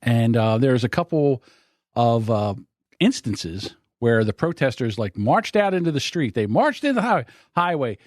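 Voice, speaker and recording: A man's voice: mid-range voice, big pitch swings, measured pace, no echo, clean studio sound. A man hosting a casual podcast chat, joking and teasing, often breaking into laughs. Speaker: podcast host.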